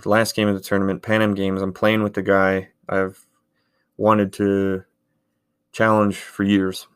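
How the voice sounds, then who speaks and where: A man in his thirties who hosts a podcast, telling a story in a casual, rambling way with lots of filler words. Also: on the low side. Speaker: podcast host, handball goalkeeper.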